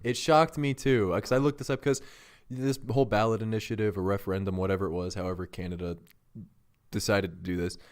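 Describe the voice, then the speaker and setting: Wry low-voiced podcast host. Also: male voice, fairly even intonation. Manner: wry, joking, quick asides. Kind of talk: casual political podcast chat.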